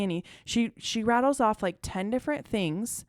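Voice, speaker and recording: A young woman, a podcast co-host, tells a family story in casual chat, full of "like" fillers, getting animated as she quotes her child. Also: a little high, quick pace, few pauses, no room sound, clean studio sound. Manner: chatty, many "like" fillers, animated when quoting her child.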